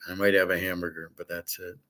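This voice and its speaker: Talking fast in a somewhat low voice, a man hosting a livestream answers chat with loose, casual rambling that skips from topic to topic. He's blunt, opinionated and clearly unscripted, giving relaxed, unpolished stream chatter.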